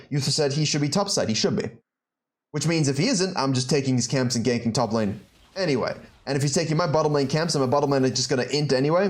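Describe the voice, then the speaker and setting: South african guy breaking down a game, fairly high voice, gets animated and disbelieving. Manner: animated, incredulous outbursts. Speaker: game coach. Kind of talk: gameplay commentary and coaching.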